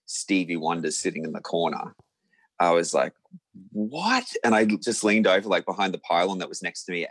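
A young Australian musician, a guest in a casual interview, tells a lively anecdote full of fillers and restarts. His voice is low-pitched, with no echo.

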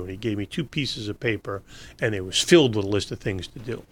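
In a casual interview, a male guest tells long, rambling stories, laughing and restarting as he goes. His voice sits lowish and moves briskly.

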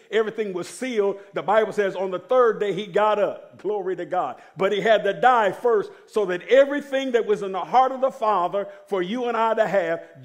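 A middle-aged man preaching a sermon as pastor, calling on the congregation to answer and stretching out key words. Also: high voice. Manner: preaching with call-and-response to the congregation; drawn-out emphatic phrasing when reading scripture.

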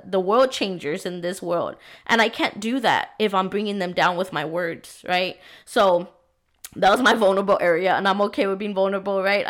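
A young woman hosts a faith-based podcast about motherhood, speaking earnestly and peppering her talk with "right?" and "like." She's sick, and her medium-pitched, fairly bright voice sounds worn from it.

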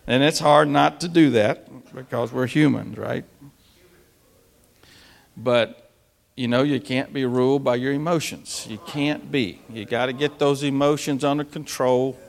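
Gravelly-voiced preacher in an echoing hall. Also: male voice, medium pitch, unhurried. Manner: animated, acts out prayers in dramatic bursts. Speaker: pastor. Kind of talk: sermon to church planters. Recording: long reverb of a large hall.

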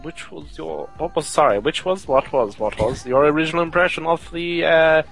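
A man's voice: on the high side, normal speed, vocal fry, a bit bright, faint music behind, poor audio. A man co-hosting a podcast in casual chat, rambling, joking and correcting himself as he goes. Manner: rambling, jokey, self-correcting. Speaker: podcast co-host.

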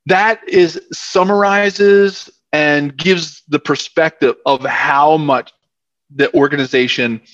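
A man tells a casual, rambling interview story, packed with fillers. His voice sits slightly high. The audio is dry and a bit muffled. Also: fairly even intonation, slow pace, a bit bright, no room sound. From South Philadelphia, USA. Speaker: former football player, guest.

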